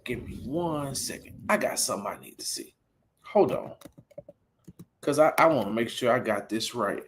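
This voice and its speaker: A man hosting a casual sports talk livestream, animated and incredulous, repeating himself as he gets worked up. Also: moderate pace, a little hiss or hum. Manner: animated, incredulous, repeats himself, rising pitch when riled up. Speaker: host of a sports talk stream.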